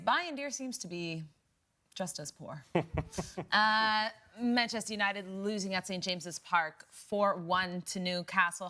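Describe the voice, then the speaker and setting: A woman hosting a sports talk show, presenting match listings and questions in a quick, upbeat way. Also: mid-range voice, pushed and bright. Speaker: host.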